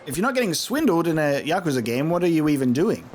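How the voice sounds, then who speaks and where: A man hosting a let's play, casually chatting over the game and cracking jokes. His voice sits somewhat high and swings animatedly. A faint hiss runs underneath. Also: sing-song, quick pace. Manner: jokey, laughs often, reads game dialogue aloud. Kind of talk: casual gameplay commentary.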